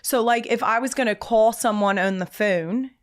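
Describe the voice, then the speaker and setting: A woman with a Philadelphia accent hosting a casual interview, relaxed and plain-spoken. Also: on the high side, moderate pace. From Philadelphia area. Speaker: podcast host.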